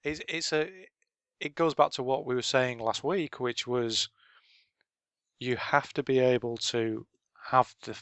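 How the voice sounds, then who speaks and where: A man's voice: medium pitch, dry recording. A man co-hosting a casual business chat, telling stories with dry punchlines. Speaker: podcast co-host.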